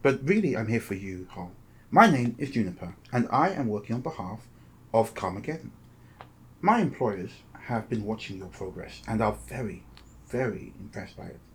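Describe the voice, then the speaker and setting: A man's voice: lowish voice, big pitch swings, normal speed, breathy edge, heavily acted. A man voicing a small, feminine robot shaped like a kobold, speaking courteously and formally. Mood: polite.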